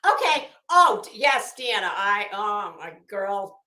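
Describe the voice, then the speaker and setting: A woman's voice: mid-range voice, big pitch swings, slow, bright, forceful tone. A woman streaming and chatting casually, rambling with many restarts and fillers. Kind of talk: casual chat. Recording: echoey room.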